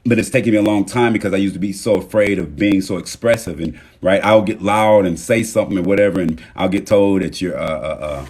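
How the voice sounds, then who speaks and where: A man hosting a casual motivational livestream, talking straight to his viewers and thanking them, swinging between loud emphasis and soft murmurs. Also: low voice, brisk, few pauses, husky. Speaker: livestream host.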